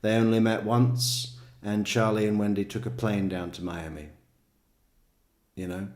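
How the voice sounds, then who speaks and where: A man with a fairly low voice rants through true crime commentary. He swears freely and sounds sarcastic and exasperated. Now and then he mocks other people in quick put-on voices. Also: level tone, a little mellow. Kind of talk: profane ranting commentary.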